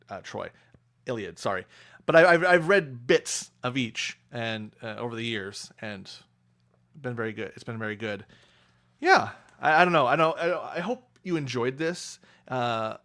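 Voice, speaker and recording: A young adult man talking casually on a livestream about the book he is reading, pausing often with fillers and restarts. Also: mid-range voice, expressive, fairly bright tone. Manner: hesitant, many fillers and restarts. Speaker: streamer reading a book aloud.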